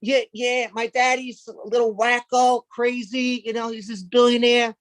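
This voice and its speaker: A man voicing a billionaire's young son in a higher, mocking kid voice as part of a stand-up bit. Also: level tone, moderate pace, fairly bright tone, dry recording. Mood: resigned.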